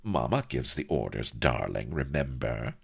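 A man's voice: very deep voice, very animated, unhurried, gravelly, slightly rough, exaggerated voice. A man voicing a teasing, domineering noblewoman. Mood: commanding. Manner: teasing, commanding drawl. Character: plump, domineering, flirtatious noblewoman.

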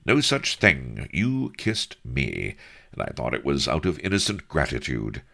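Storybook swashbuckler: a stiff, reproving masked grandee, very deep and gravelly, as a narrator puts him on. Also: male voice, big pitch swings, a little slow, pushed and bright, full character voice. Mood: stern. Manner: formal, archaic, reproving. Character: stern masked Spanish grandee, man.

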